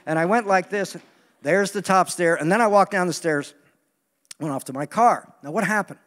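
A man preaching a sermon in an animated, joking way, acting out the voices he quotes. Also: high voice, normal speed, in a large hall. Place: large meeting hall.

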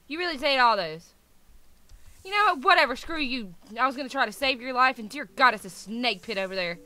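A young woman giving excitable, chatty commentary while playing a game, squealing and talking to the animals. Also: sits high, brisk. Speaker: gaming YouTuber. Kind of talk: casual gameplay commentary.

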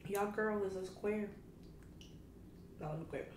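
A woman's voice: medium pitch, measured pace, a little hiss or hum. A woman in her twenties, a food vlogger chatting candidly and with plenty of slang straight to her viewers at home. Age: 20s. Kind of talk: casual chat to camera while eating. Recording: roomy home recording with faint ambience.

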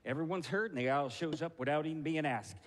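A man's voice: on the high side, lightly acted. A man playing a commanding air traffic controller. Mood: informative. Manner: commanding, brisk. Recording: reverberant stage recording with music.

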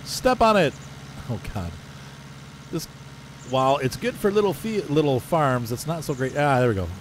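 Chatty gamer guy narrating his farm sim, voice bouncing up and down, steady hum behind him. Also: moderate pace. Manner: chatty, self-mocking, jumps into playful high exclamations. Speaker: gameplay commentator. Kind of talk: casual let's-play commentary.

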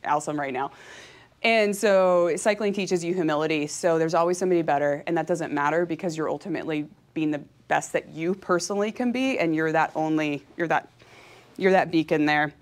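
Chatty high-energy woman talking to a crowd, heartfelt, laughs a lot, voice sits a bit low. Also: fairly quick. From California. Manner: emotional and openly heartfelt. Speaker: professional cyclist giving a talk. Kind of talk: motivational talk to an audience.

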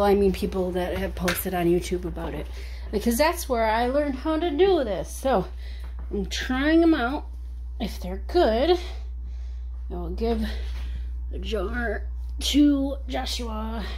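Her voice fairly high but darkish in tone, a vlogger chats from her kitchen while cooking and doing chores. She drops in fillers and asides, with a little hiss or hum audible.

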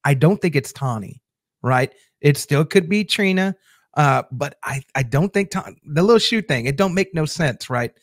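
A man's voice: a little high, animated, moderate pace, dry recording. A man hosting a casual TV recap show, rambling chattily to his viewers with lots of fillers and restarts, on a close mic. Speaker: host of a TV episode recap show.

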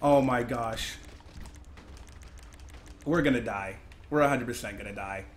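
A young man giving live gameplay commentary as a streamer, excitable, breaking into yells and laughs. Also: mid-range voice, unhurried, a little hiss or hum. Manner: excitable, yelling and laughing in bursts. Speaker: gaming streamer.

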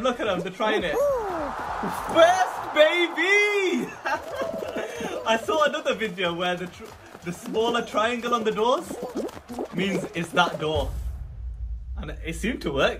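A young man giving excitable live commentary on his gameplay, swinging from muttering to shouting. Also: sits high. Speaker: gaming YouTuber. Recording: music playing under the voice.

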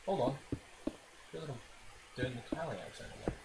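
A man's voice: mid-range voice, fairly quick. A man rambling and swearing through self-mocking gameplay commentary on a laptop's built-in mic. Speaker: gaming video creator. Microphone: laptop internal mic. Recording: loud hiss, laptop internal mic.

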